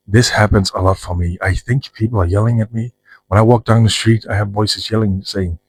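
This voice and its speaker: In a rough, low-quality recording, a man vlogger speaks frankly to camera about his own life. His fairly low voice is steady and slightly rough, and he moves briskly through a rambling, profane monologue full of restarts.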